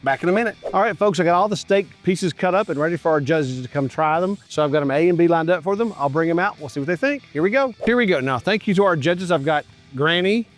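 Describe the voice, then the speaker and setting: Folksy man, slightly high voice. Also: quick pace, few pauses, soft background music. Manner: folksy and enthusiastic, talks straight to viewers. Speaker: barbecue cooking show host. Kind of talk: casual cooking and tasting commentary. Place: outdoors at a grill.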